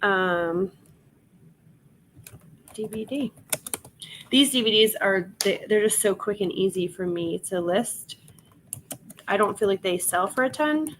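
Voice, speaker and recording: A woman's voice: medium pitch, lively intonation, slow pace, pauses often, a bit bright, slight background noise. A woman hosting a casual reselling livestream, chatting with viewers while she lists items and laughing often. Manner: chatty, laughs often, reads chat aloud.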